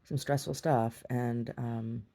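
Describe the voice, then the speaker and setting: A woman's voice: extremely low pitch, steady tone, takes it slowly, gravelly, mellow. A middle-aged woman, a gallery owner, chatting in a meandering, giggly way in a casual monologue.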